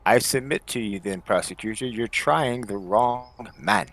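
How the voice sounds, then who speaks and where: Man doing a gruff dwarf cleric, blunt, forceful questions, mid-pitched voice. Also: unhurried. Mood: reasoning. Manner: forceful, interrogating.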